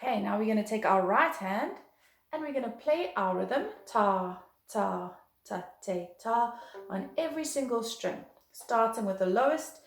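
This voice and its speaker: Woman, violin teacher, upbeat and encouraging, slightly high pitch, echoey room. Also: lively intonation, normal speed. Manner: patient, encouraging, counts and chants rhythms aloud. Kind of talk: beginner music lesson. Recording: roomy echo.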